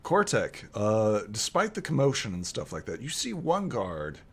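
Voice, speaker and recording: A man's voice: fairly low pitch, huge pitch swings, breathy edge. Casual man running a tabletop game. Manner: casual, filler-heavy narration with quick voice switches. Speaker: game master. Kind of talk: narrating a tabletop game and voicing characters.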